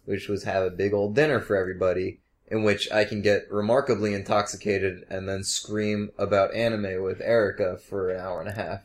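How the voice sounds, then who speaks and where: A man's voice: on the low side, little pitch movement, a little fast, hardly any pauses. A man hosting a casual podcast, reading out listener questions and laughing often. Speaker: podcast host.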